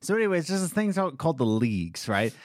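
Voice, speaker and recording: A young man co-hosting a casual podcast about video games, talking in an excited, rambling way. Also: fast talker, no echo, studio quality. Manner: excited, rambling, jumps between high and low pitch. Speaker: podcast co-host.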